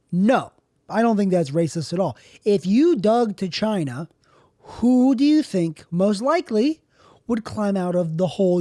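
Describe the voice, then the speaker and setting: Rambling man with a mellow voice. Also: on the high side, no room sound, clean studio sound. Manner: rambling, self-deprecating, jokey digressions. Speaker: podcast host. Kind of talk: rambling comedic monologue.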